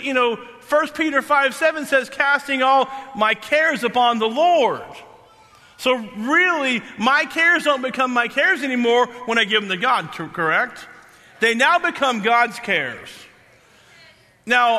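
A man preaching a sermon, halting and repeating himself, then slowing down to stress key words. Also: high voice, sharp tone. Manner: halting, repeats and restarts phrases. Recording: long hall reverb.

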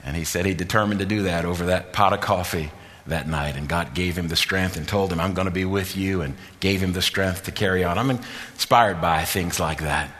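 A man preaching a sermon as a pastor, moving from soft, halting talk to loud, rising preaching. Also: sits low, slight background noise. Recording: long hall reverb.

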